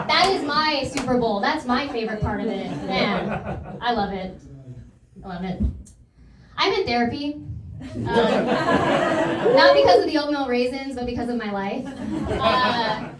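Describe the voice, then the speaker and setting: A young woman doing a stand-up comedy set in a club, with a deadpan, self-deprecating delivery. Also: a little high, heavy background noise. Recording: echoey club, mic at a distance, loud crowd laughter. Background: audience laughter.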